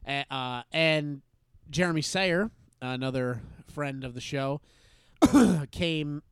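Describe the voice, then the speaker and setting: Guy podcast host rambling through a story, um and uh everywhere, kinda high voice, dry close mic. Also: slow pace, clean tone, no room sound. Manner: animated anecdote-telling with many fillers and restarts. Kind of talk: casual chat, storytelling.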